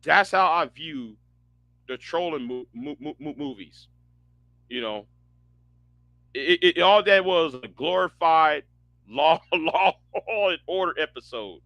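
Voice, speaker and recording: A man hosting a livestream, ranting casually in a profane, animated way, often stammering and restarting his words. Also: fairly high pitch, slow pace, vocal fry, pauses often, no echo. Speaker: livestream host.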